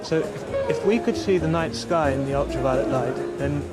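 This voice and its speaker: An actor playing a young man, a scientist facing a terminal illness, speaking quietly and intensely in a film clip. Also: fairly high pitch, normal speed, natural voice. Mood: wondering. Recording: film clip with loud music underneath. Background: loud film score.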